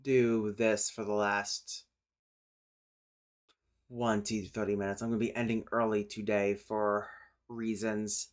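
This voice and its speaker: A man's voice: lowish voice, little pitch movement. A man streaming live, chatting casually and thinking aloud as he explains language topics. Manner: thinks aloud, pauses and restarts, sudden loud calls to his cat. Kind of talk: casual livestream chat and explanation.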